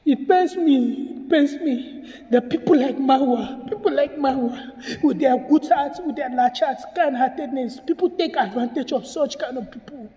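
A man's voice: very high-pitched, moderate pace, dark tone, roomy sound, in a large hall. A man talking to his viewers in an emotional video commentary, tearful and repeating himself as he appeals to them. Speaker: vlogger.

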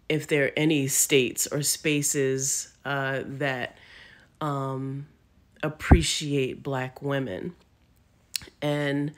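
A woman commenting on a clip in a slow, hesitant, reflective way, with many pauses and fillers. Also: sits low. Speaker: vlog host reacting to a clip.

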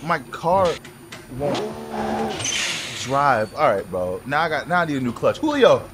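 A man giving loud, profane, excitable commentary over his car game, with quick shouted outbursts. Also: medium pitch. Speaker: gaming YouTuber. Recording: noisy game audio behind the voice.

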